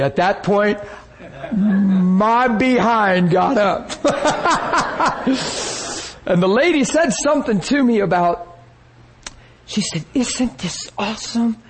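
A man preaching a sermon, telling a story with lively energy and acting out the people he quotes. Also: high-pitched, takes it slowly, poor audio.

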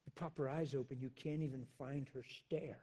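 A man preaching a personal testimony, emphatic and intense, swinging from loud declarations down to hushed, quiet recounting. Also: mid-range voice, steady tone, normal speed. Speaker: pastor. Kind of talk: sermon testimony.

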